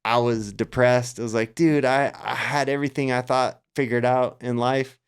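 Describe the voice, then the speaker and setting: A middle-aged man with a mid-range voice tells a story as a guest on a casual podcast. He talks with lively energy and acts out what he was thinking at the time. His pitch sits right in the ordinary middle for a man. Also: normal speed, smooth. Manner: animated storyteller acting out his own past thoughts. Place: Las Vegas area.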